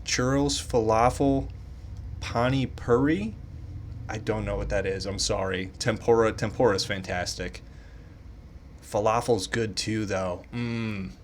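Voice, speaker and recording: A man taking online quizzes in casual commentary, thinking out loud, swearing freely and playing up mock indignation. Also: on the low side, unhurried, slight background noise.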